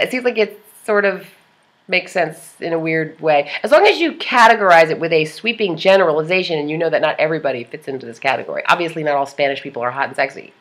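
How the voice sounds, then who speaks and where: A woman's voice: on the low side, fairly bright tone. A woman rambling casually in a personal vlog, chatty and jokey, laughing often between thoughts. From part Lithuanian. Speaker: vlogger.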